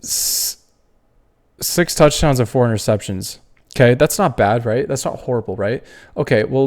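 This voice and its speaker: A man's voice: mid-range voice, lively intonation, moderate pace. Fired-up opinionated man ranking players. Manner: opinionated, fired-up ranting with cursing. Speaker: podcast host. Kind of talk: casual sports tier-list commentary.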